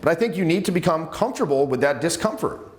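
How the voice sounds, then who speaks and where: A man coaching a live workshop on social skills, talking in an animated, emphatic way with many restarts. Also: a little high, fast talker. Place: seminar room with students. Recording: echoey room.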